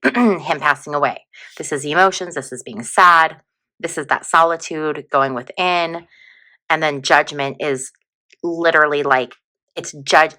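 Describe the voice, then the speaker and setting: A tarot reader with a deep, sharp-toned voice gives a casual, chatty reading on video, giggling readily and packing her talk with fillers like "like" and "you know".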